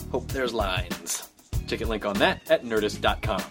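A man's voice: lowish voice, brisk, fairly bright tone. Guy hosting a podcast, rambly and jokey, faint music underneath. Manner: casual, rambling, joking asides. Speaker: podcast host. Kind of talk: podcast announcements.

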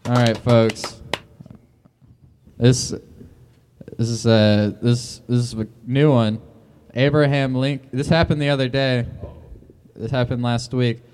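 A man's voice: medium pitch, flat delivery, takes it slowly, long pauses, darkish tone, clear, resonant tone. Stammering man over-explaining his jokes. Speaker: comedian guest. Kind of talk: deliberately awkward stand-up bit.

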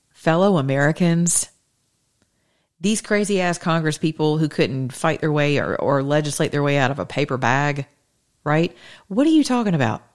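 A middle-aged woman hosting a political talk show, speaking in an animated, sassy monologue full of rhetorical questions. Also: low-pitched. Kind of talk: opinionated monologue to listeners.

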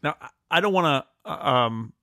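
A man's voice: on the high side, lively intonation, normal speed, bright, forceful tone, dry recording, clean studio sound. A man hosting a casual podcast chat, steering the talk and handing turns to guests. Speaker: podcast host.

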